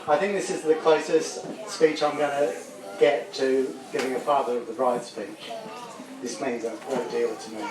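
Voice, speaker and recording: A man's voice: medium pitch, background noise. A man giving a rambling, self-deprecating speech to a crowd, getting choked up. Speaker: speaker at a farewell gathering. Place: large room with a crowd. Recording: echoey hall, mic from far off.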